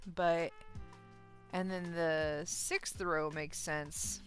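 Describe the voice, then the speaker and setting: A woman's voice: deep voice, steady tone, extremely slow, a bit bright, soft background music. A tired young woman chatting casually on a crochet livestream, rambling, laughing often and trailing off with ums. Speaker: crochet streamer.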